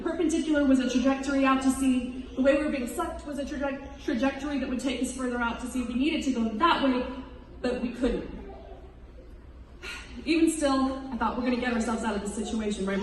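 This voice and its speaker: A woman's voice: sits high, fairly even intonation, moderate pace, a little hiss or hum. A woman in her thirties recounting her rescue to an audience, in an earnest, emotional storytelling manner. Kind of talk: personal testimony speech. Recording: echoey hall, distant mic.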